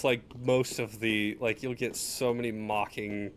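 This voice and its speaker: A man's voice: medium pitch, steady tone, brisk, hardly any pauses, slight background noise. A man chatting casually and rambling with wry asides while playing a video game. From United States. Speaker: gameplay streamer. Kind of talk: casual gameplay commentary. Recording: loud game music behind.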